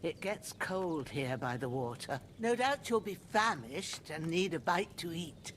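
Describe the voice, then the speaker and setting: A woman's voice: fairly low pitch, expressive, a little slow, a little hiss or hum. A woman voicing an old rustic village healer in a video game, talking in a homely, folksy, motherly way.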